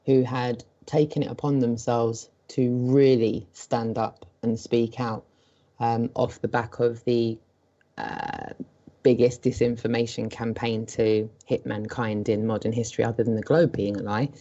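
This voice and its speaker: A woman's voice: rumbling low, unhurried. Chatty English woman on a muffled call. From England. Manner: chatty, relaxed, uses homely slang. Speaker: guest, street activist. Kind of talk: casual interview chat.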